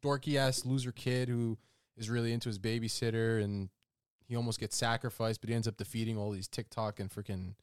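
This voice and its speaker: A man loosely pitching a movie on a podcast, rambling with crude language. His voice sits at a middling pitch, recorded close and dry. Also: little pitch movement, brisk, clear, resonant tone, no room sound. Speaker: podcast co-host. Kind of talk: casual chat.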